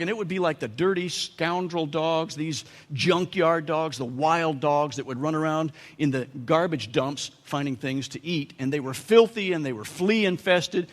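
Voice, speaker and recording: A man's voice: a little high, fairly bright tone, big-room sound. A man with an American accent preaching a sermon as pastor, telling humorous stories and putting on playful voices for quotes. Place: church sanctuary.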